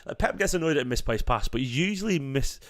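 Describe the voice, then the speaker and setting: A man's voice: medium pitch, fast. Chatty man hosting a watchalong. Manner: chatty, reacting excitedly to play and thanking viewers. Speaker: fan channel host. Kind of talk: casual live watchalong commentary.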